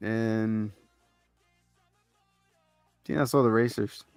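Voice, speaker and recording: A man's voice: lowish voice, smooth, no echo, faint music behind. Casual man recapping a show. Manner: animated, acts out characters' lines in quick bursts. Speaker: podcast co-host.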